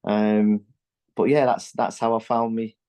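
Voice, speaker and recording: A man in his forties, a former footballer, telling animated stories in a candid podcast chat and acting out what his teammates said. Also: fairly low pitch, a little slow, clear, resonant tone. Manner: animated, acts out quotes from teammates; loose, chatty, many fillers and restarts.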